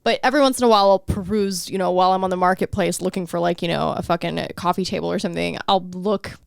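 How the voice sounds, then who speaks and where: A woman's voice: on the low side, fairly even intonation, fast, gravelly, clean tone, no room sound, clean studio sound. A young adult woman co-hosting a casual comedy podcast, rambling and sarcastic, laughing often. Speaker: podcast co-host.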